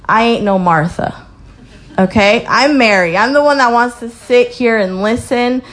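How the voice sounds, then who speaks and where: A young woman gives a casual sermon testimony in a fairly high voice. She tells stories in a lively way, acts out the people in them, and reads scripture aloud. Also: unhurried. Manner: lively storytelling with acted-out quotes. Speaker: speaker sharing a testimony.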